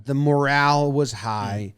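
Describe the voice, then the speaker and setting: Brief: man, mid-pitch sports podcast co-host, brisk and joking, dry close sound. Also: a bit bright, clean tone, no room sound. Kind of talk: casual sports chat.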